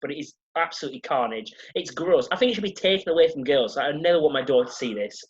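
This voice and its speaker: A man's voice: on the high side, expressive, quick pace. A man hosting a casual chat, ranting with exaggerated sarcasm and plenty of swearing. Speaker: podcast host. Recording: dull lo-fi sound.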